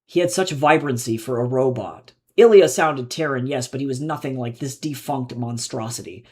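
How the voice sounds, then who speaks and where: A man, the author, reading his own novel aloud live in measured, low-key narration. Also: a little mellow, slightly rough.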